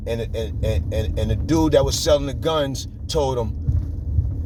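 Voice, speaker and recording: A man tells a street story at a middle pitch. His talk is loose and slangy, he keeps checking in with his listeners and he repeats himself as he goes. A faint hiss sits behind his voice while he moves along a city route. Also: normal speed, a little mellow.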